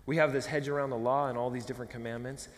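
A man from California preaching a sermon as pastor, emphatic and swinging between loud declarations and hushed asides. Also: medium pitch, steady tone, racing, in a large hall. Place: church sanctuary.

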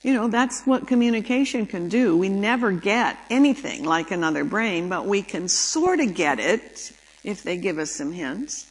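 An older woman giving a talk about the brain, telling an anecdote in a lively storytelling way and acting out the dialogue. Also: medium pitch, moderate pace, rough recording. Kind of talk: storytelling lecture.

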